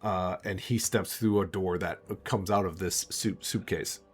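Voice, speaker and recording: Guy running a tabletop game, low-ish voice, rambles and laughs a lot. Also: steady tone, a little slow, faint music behind. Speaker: game master.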